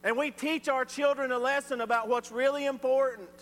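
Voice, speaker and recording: A man preaching a sermon, swinging from loud emphatic lines to quiet ones. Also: extremely high pitch, fairly even intonation, brisk. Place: church sanctuary. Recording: reverberant church hall with faint hum.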